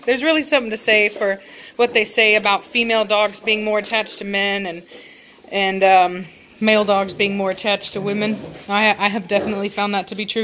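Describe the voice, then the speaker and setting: A woman's voice: mid-range voice, steady tone, brisk, a bit bright, slight background noise. A woman talking casually to her viewers at home while sitting with her dogs, rambling with many fillers and turning firm when she scolds the dogs. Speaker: dog breeder vlogger. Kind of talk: casual home video update.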